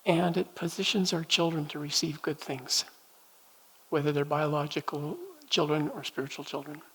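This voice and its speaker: A man leading a church prophetic training night, telling personal stories in a gentle, conversational way with halting restarts. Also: a little high, level tone, slight background noise, low-quality recording. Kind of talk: teaching talk with personal storytelling. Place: church meeting room.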